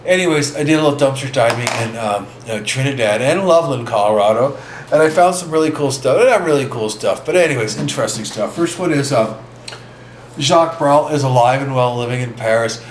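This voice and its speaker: A man hosting a casual vlog, talking in a rambling, halting way with many restarts. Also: mid-range voice, animated. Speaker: vlog host. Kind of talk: casual record-collecting vlog. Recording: echoey room with faint ambient noise.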